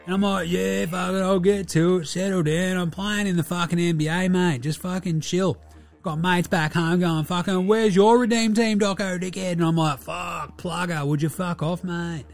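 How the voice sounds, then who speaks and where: A man's voice: sits high, fairly even intonation, moderate pace, vocal fry, faint music behind, voice pushed up. A man putting on a rowdy Aussie baller. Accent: Australian. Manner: crude, boisterous, swearing constantly. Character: brash foul-mouthed young Australian male basketball player.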